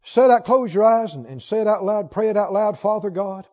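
A man preaching a sermon in a church, fervent and emphatic, swinging from loud to hushed. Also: sits high, lively intonation, fairly quick. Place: church sanctuary. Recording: lo-fi recording with long hall reverb.

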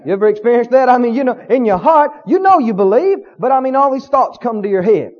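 A man's voice: very high voice, lively intonation, fast talker, highs cut off. A man preaching a sermon with emphasis, often asking the congregation questions.

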